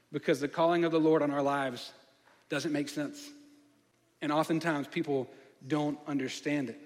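A man delivers a sermon as a pastor, his voice sitting high for a man. He keeps turning to the listeners with questions and slips into the voices of the people he describes. A long reverb trails each phrase, as in a large hall. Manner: preaching with rhetorical questions and acted-out voices.

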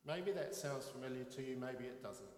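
A man's voice: medium pitch, animated, moderate pace. A man preaching a sermon as pastor, talking conversationally and asking the congregation short questions. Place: church. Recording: echoey hall reverb.

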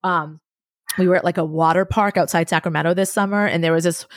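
A woman in her forties talking as a podcast guest, telling candid stories with lively acted-out quotes and casual swearing. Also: fairly low pitch, fast talker, no room sound, studio quality. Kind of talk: candid conversational storytelling.

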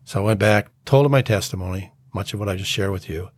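An American man telling his life story as an interview guest, earnest and halting. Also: on the low side, slight background noise. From United States. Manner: earnest, halting, acts out quoted dialogue. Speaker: guest sharing his testimony.

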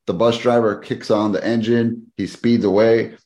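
A middle-aged man, a guest on a podcast, telling a story in a lively, fast-moving way. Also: on the low side. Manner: animated, fast-paced storyteller who acts out quoted people. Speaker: podcast guest, fitness business owner. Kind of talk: casual storytelling interview.

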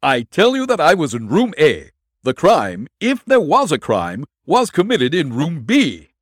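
A man's voice: a little high, huge pitch swings, measured pace, pushed and bright, no room sound, studio quality, voice pushed up, exaggerated voice. A man doing a desperate accused husband. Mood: defiant. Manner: eager, then defiant. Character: desperate male prisoner, married man.

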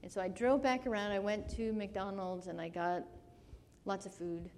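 Earnest woman preaching, soft warm voice. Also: mid-range voice, steady tone, moderate pace, in a large hall, a little hiss or hum. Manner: earnest, rising to emotional intensity. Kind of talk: sermon with personal story.

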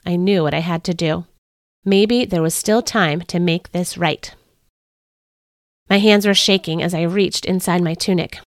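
A woman's voice: lowish voice, no echo, clean studio sound. A woman hosting a devotional podcast, reading a story aloud with earnest expression.

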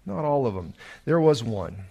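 A man's voice: mid-range voice, sing-song, moderate pace, gravelly, warm tone, slightly rough, dull audio. A male pastor, preaching a sermon earnestly and emphatically, with restarts and rhetorical questions.

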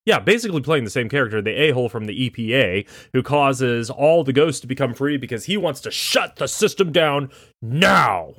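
A man's voice: medium pitch, expressive, normal speed, a bit bright, dry recording, studio quality. A man co-hosting a podcast, casual and playful, teasing and sounding words out. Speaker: podcast co-host. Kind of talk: casual chat.

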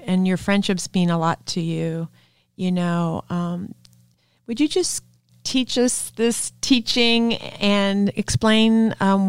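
Smooth-voiced woman host asking slowly. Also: medium pitch, no echo. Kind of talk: faith podcast interview.

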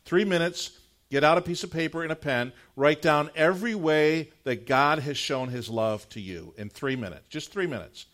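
Animated storytelling male pastor. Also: a little high. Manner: animated conversational storytelling, frequent "like" fillers; earnest, measured prayer closing the sermon. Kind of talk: sermon with personal anecdote.

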